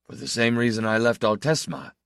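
A man reading aloud and voicing a bitter, insecure, defensive young man with a gruff, blunt manner. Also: medium pitch, steady tone, fairly quick, a bit bright, no echo, studio quality.

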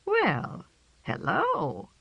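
A woman voicing a kind, gentle old woman, speaking slowly and softly, on a dry, slightly dull storybook recording. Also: vocal fry, slightly rough, no room sound, heavily acted. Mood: warm. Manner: slow and gentle, lively in pitch.

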